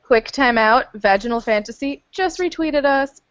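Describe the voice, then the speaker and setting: A woman's voice: high-pitched, fairly bright tone, dry recording, highs cut off. Playful young woman on a video call. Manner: eager, playful, quick agreement. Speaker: book club member. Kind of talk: casual chat.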